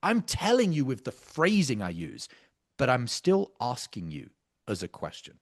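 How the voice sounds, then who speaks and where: A man's voice: medium pitch, huge pitch swings, a little slow. A man coaching sales closers, breaking down a practice call in an emphatic, intense way with casual swearing.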